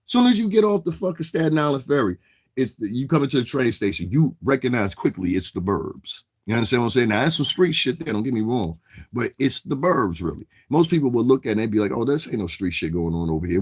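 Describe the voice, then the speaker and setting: A man's voice: medium pitch, lively intonation, fairly quick, darkish tone, husky, no room sound, studio quality. A man, hosting a casual stream and rambling through street-slang commentary while answering viewers in chat. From New York City area. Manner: rambling, streetwise slang, keeps asking "you understand what I'm saying". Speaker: livestream host.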